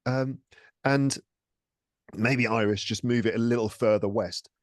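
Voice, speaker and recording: A man from England on a casual podcast, an animated storyteller who acts out quoted speech. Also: mid-range voice, measured pace, no echo, clean studio sound. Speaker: podcast guest, English teacher and comedian. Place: lives in France.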